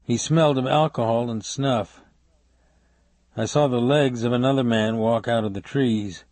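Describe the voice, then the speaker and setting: A man narrating an audiobook in a steady, measured way on a close mic. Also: mid-range voice, dry recording. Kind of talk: scripted narration.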